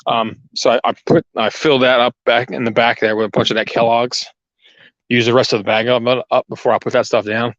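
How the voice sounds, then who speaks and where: A man's voice: mid-range voice, flat delivery, brisk, a bit bright, dry recording. Guy rambling to his viewers out in the yard, lapel mic, dry dull lo-fi sound, keeps restarting. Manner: rambling, restarts often, talks straight to viewers. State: out of breath. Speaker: channel host. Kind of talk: casual live chat while gardening.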